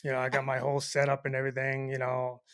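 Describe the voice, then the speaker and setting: A man's voice: medium pitch, completely flat delivery, quick pace, fairly bright tone, smooth, dry recording, studio quality. A man co-hosting a comedy podcast, telling a rambling story and leaning on fillers. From El Paso, Texas, US. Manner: rambling, full of "you know" fillers. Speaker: podcast co-host.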